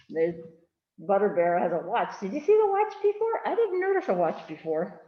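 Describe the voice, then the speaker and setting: A woman reading a picture book to children at a library storytime, chatting with the kids in animated asides. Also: mid-range voice, normal speed, reverberant, lo-fi sound. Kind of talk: children's read-aloud.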